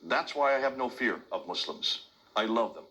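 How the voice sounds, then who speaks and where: Older male lecturer, American accent, bright and hard-edged tone, emphatic public-talk delivery. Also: mid-range voice, animated, normal speed, low-quality recording. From India.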